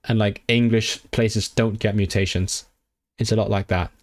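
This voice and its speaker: A man with a fairly low, fairly even voice speaks at a moderate pace on a casual self-study livestream. He's learning a language, thinking aloud and repeating foreign words for practice.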